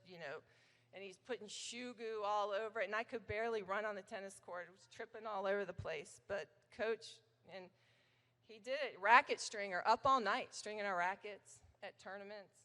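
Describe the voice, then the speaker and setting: A woman's voice: medium pitch, normal speed, sharp tone. A middle-aged woman giving a chatty, anecdotal hall of fame acceptance speech at a banquet, telling stories about her old coach. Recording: long hall reverb.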